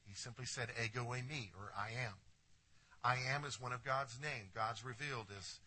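A man preaching a sermon as pastor, swinging from hushed lines to emphatic ones and putting questions straight to his congregation. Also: mid-range voice, moderate pace, slightly rough. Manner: addresses the congregation directly with questions.

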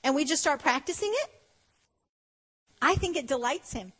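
A woman preaching to a conference hall keeps it lighthearted and conversational, laughing through acted-out mini-dialogues. Her high, fairly bright voice is animated at a normal speed, and the room gives a long reverb.

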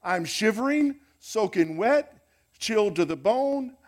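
A man's voice: high-pitched, lively intonation, takes it slowly, voice pushed up. A male pastor playing a weary older apostle who is a shipwrecked prisoner, complaining in an exasperated rant. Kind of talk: sermon role-play.

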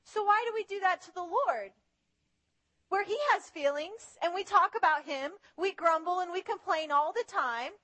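A preacher delivers a sermon in a very high, bright voice at a moderate pace. She is animated and drops into little voices for the people she quotes.

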